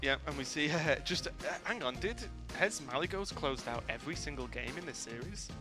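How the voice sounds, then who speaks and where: A man calls a live esports match in quick, chatty play-by-play, dropping fillers between points. Clear background music plays under him at the tournament venue. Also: on the high side, animated. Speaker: esports caster.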